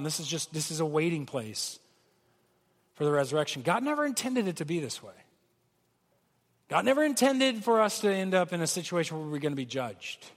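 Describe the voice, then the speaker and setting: A man's voice: high voice, long reverb tail. A man preaching a sermon as pastor, earnest, switching into acted quotes of pleading voices.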